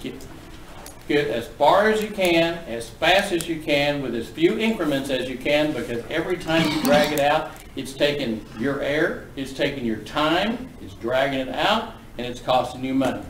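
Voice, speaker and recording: A man lecturing a class on auctioneering in a folksy, brisk, joking manner. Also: fairly high pitch, lively intonation, a bit bright, slight background noise. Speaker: auctioneering instructor. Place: classroom with students. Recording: echoey room from a distance.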